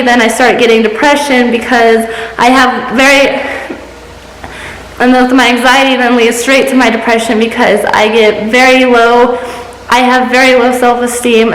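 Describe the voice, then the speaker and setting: A young woman vlogging a personal confession, talking in a halting, emotional way with many restarts. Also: fairly high pitch. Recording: echoey room with long reverb.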